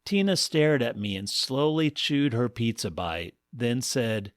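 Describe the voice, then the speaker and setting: A man telling a comic first-person story in a wry, deadpan manner. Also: medium pitch, unhurried, hardly any pauses, no room sound, clean studio sound. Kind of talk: scripted comic narration.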